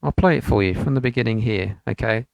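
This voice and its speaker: A man's voice: medium pitch, fast, vocal fry, dry recording. A man from the United Kingdom teaching an online piano lesson, explaining patiently step by step and chanting rhythm syllables over the piano. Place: home studio. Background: piano playing.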